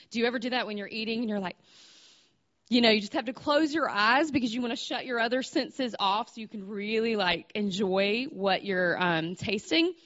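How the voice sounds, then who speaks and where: A woman's voice: on the high side, a bit bright. Chatty woman preaching, slightly muffled recording. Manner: conversational, stops and restarts, asks the audience questions. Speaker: speaker at a church gathering. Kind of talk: informal sermon with storytelling.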